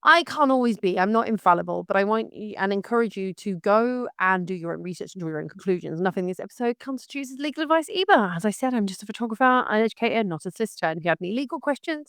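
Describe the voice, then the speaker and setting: A woman's voice: medium pitch, fairly bright tone, dry recording. Outspoken woman, dry close sound. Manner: outspoken, emphatic, direct. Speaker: podcast host. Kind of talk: opinionated commentary.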